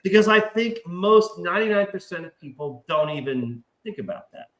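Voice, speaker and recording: Male panelist, forceful bright voice, profane and rambling, roomy echo. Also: sits high, normal speed. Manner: animated, acts out quoted voices. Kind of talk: casual chat. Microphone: remote stream call mic.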